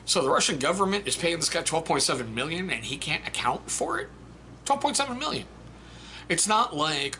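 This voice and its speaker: A man talks through a book in a blunt, casual way, swearing now and then. His voice is bright and forward. Faint background noise sits under the recording. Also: fairly high pitch, sing-song, brisk. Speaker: book reviewer. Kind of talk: casual spoken book review.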